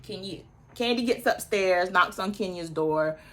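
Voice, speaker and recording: Woman in her early thirties, bright voice, chatty opinionated recap host, asides to viewers. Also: on the low side, a little slow. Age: early 30s. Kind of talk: casual recap chat.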